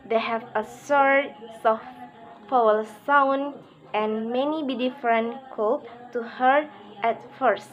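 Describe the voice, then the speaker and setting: A woman's voice: on the high side, highs cut off. A woman presenting a pronunciation lesson, reading it aloud carefully and moving on with "okay, next". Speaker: student presenter.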